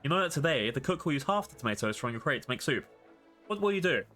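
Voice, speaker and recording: A man's voice: on the high side, big pitch swings, quick pace, bright, forceful tone, soft background music. A man voicing an eccentric female scientist who is curious, blunt and matter-of-fact, reading game dialogue aloud. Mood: clinical.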